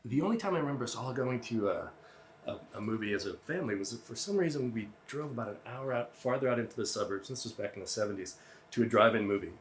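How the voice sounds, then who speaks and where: A man's voice: mid-range voice, animated, fast, a little hiss or hum. A man in his fifties from the Boston area telling a personal story live, with a wry, self-deprecating, conversational delivery. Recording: roomy venue sound.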